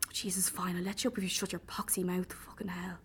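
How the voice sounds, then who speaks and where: A woman voicing a gruff, irritable male kidnapper who snaps and growls his lines. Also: lowish voice, little pitch movement, fast. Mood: grudging. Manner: curt, snapping, growls.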